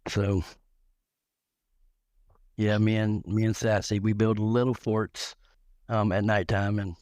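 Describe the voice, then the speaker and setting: A man's voice: on the low side, little pitch movement, slow, darkish tone, no echo, studio quality. A middle-aged man telling crude, joking stories on a live talk show, rambling along with many restarts and repeated words.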